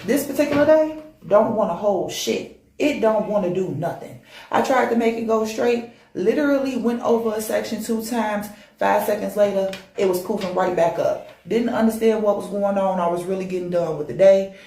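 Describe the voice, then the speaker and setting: A woman telling a personal ghost story in a casual, animated, emphatic way, often repeating words. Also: medium pitch, moderate pace, echoey room, slight background noise.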